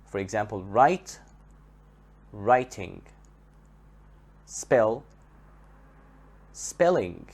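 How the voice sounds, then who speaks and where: Slow, lively-voiced male English teacher. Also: on the low side, husky. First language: Arabic. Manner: spells out letters and repeats words for stress. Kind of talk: slow, careful grammar lesson.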